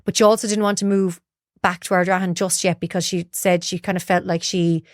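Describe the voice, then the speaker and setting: Fast-talking Irish woman telling stories. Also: on the low side, flat delivery, no room sound, studio quality. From Ireland, Galway. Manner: chatty, acts out quoted dialogue. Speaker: guest, broadcaster. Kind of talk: casual storytelling interview.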